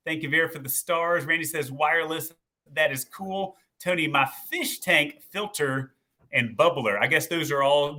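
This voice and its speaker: A Texan man with a fairly high, sharp-toned voice hosts a casual live stream. He's upbeat and promotional, chatting with a co-host and reading viewer comments aloud.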